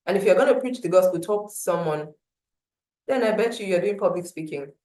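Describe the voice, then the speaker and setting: A woman giving a workshop talk as a public speaking coach, expressive and emphatic, with playful asides. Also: on the low side, a little fast. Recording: echoey room.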